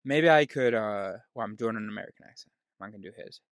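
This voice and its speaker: In a rambling solo video, this man wanders off track, cuts himself off and chuckles at his own remarks. He speaks rapid-fire in a fairly low, flat voice, captured in a dry, close recording.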